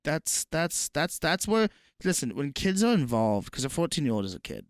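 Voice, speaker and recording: A man's voice: a little high, moderate pace, no echo. A young man co-hosting a casual comedy podcast, swearing often and reading headlines aloud. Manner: profane, animated, reads headlines aloud. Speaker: podcast co-host.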